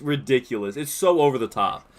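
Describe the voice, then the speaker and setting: A man's voice: medium pitch, lively intonation, a little fast, background noise. A man co-hosting a casual sports podcast, laughing along and acting out scenes as he reacts. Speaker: podcast co-host.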